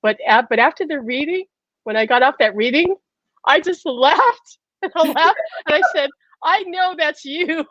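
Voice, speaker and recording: A woman hosting a show, telling a personal story in an animated way, laughing often and acting out conversations in quotes. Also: high voice, normal speed, no echo, dull audio. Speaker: host.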